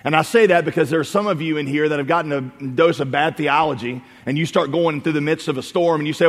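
Animated high-voiced preacher in a reverberant hall. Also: male voice, fast talker, hardly any pauses. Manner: animated preaching, swings from loud to quiet. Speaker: pastor. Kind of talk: sermon. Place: church sanctuary.

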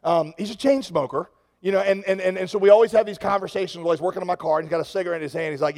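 A man's voice: sits high, fast, darkish tone. A man preaching a sermon, telling a story in a conversational way that builds to impassioned peaks. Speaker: pastor. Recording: long reverb of a large hall.

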